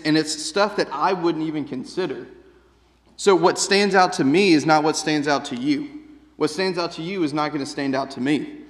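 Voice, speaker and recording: A man preaching a sermon in a casual, conversational way, often checking in with "right?". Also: a little high. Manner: conversational, keeps asking "right?". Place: church sanctuary. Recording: long reverb of a church hall.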